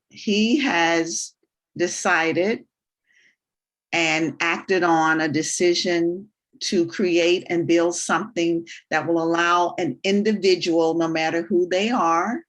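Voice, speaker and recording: Slow, earnest low-voiced woman. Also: fairly even intonation. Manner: earnest, deliberate, preacherly. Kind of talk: live online business presentation.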